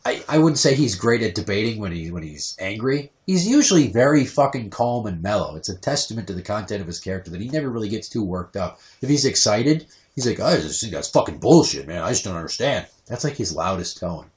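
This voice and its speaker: A man hosting a casual podcast, telling stories in a profane, animated way with quick rants. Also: fairly low pitch. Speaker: podcast host.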